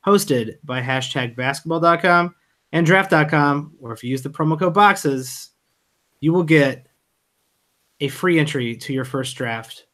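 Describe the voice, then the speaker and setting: A man's voice: fairly high pitch, a little slow, a bit bright. A man hosting a podcast in casual chat, talking loosely with lots of fillers. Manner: loose, filler-heavy talk. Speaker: podcast host.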